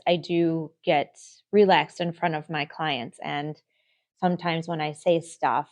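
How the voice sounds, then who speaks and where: A woman's voice: deep voice, steady tone, measured pace. A middle-aged woman co-hosting a real estate podcast, telling candid, self-deprecating stories in casual chat.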